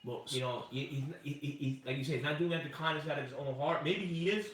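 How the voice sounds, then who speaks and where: A man's voice: on the high side, quick pace, fairly bright tone, far from the mic. A man co-hosting a casual chat, earnest and preachy, bringing in his faith. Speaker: podcast co-host. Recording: echoey room, off-mic.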